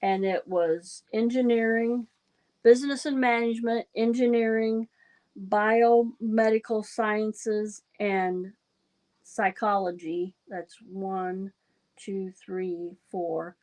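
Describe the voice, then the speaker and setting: A woman's voice: medium pitch, steady tone, slow pace, darkish tone. A woman hosting a casual trivia livestream, chatting and reading quiz questions aloud. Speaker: livestream host.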